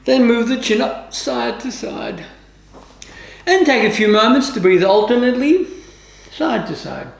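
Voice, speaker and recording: A woman yoga teacher leads a guided class with calm, measured instructions in formal, old-fashioned wording. Her pitch moves up and down in a lively way, and the recording carries a roomy echo with a faint hiss underneath. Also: creaky. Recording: roomy, echoey room.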